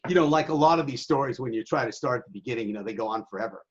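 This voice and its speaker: A man telling profane, animated stories in a casual interview and acting out the people in them. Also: mid-range voice, very fast, husky, muffled recording. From Southern California. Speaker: interview guest, sailing website owner. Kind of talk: casual storytelling.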